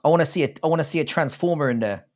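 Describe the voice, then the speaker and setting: A man's voice: a little high, racing, a little mellow. Profane, blunt male streamer. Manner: profane, blunt, rambling banter with chat. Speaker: livestream host. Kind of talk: casual livestream watchalong commentary.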